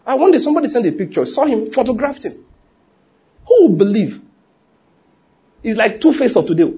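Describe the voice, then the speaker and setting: A middle-aged man preaching a sermon, telling stories with animated quoted voices and frequent laughs. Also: very high-pitched, fairly quick, slightly rough. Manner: animated storytelling, laughs often, acts out quotes. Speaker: pastor.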